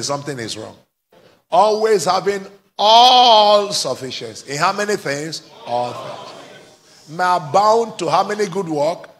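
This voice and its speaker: A male pastor, preaching a live church sermon and drawing call-and-response from the congregation. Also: on the high side. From Nigeria. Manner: exhorting, climbs to fervent shouting, prompts replies. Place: church service before a congregation.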